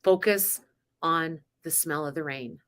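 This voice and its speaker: A woman with a low-sitting voice speaks at a measured pace while hosting a spiritual coaching live stream. She grew up on a farm, and her casual talk is chatty and emotional, broken up by frequent laughs.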